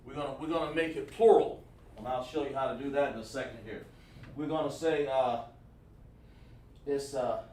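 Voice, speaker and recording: A man's voice: mid-range voice, recorded from a distance, slight background noise. A man teaching a livestreamed language lesson, easygoing and repetitive, praising students by name as he writes on a board. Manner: relaxed, repetitive, thinks aloud while writing on a board. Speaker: class instructor. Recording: echoey room, speaking away from mic.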